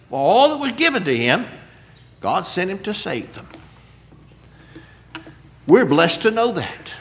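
A man's voice: sits high, sharp tone. A man preaching a sermon, rising to emphatic scripture quotes and asking the congregation questions.

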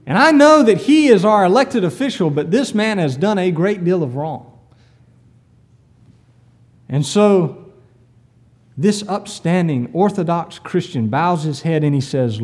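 Male preacher, sermon, very high voice, lively swinging pitch, storytelling. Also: unhurried, pauses often. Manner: animated storytelling, rhetorical questions.

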